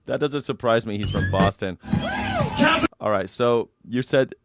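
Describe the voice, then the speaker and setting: A little slow and lowish in pitch, this man runs a casual livestream reaction show, chatting and cursing freely with his viewers. Faint music plays in the background.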